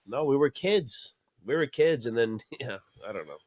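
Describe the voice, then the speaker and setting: A man's voice: mid-range voice, animated, moderate pace, no room sound, studio quality. A middle-aged man co-hosting a podcast in casual chat, swearing freely and breaking into laughter. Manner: crude, breaks into helpless laughter. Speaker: podcast co-host.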